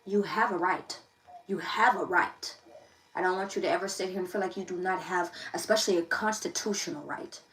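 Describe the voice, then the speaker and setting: A woman's voice: lowish voice, brisk, a bit bright, poor audio. A young woman, reading tarot casually to camera in a confiding, emphatic way that repeats itself. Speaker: tarot reader.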